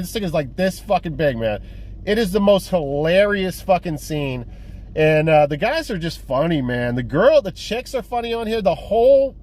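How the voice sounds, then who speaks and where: Rambling, profane man with a higher voice. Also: darkish tone. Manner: profane, rambling, lots of fillers and restarts. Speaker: physical media collector vlogger. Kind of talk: casual rambling movie review.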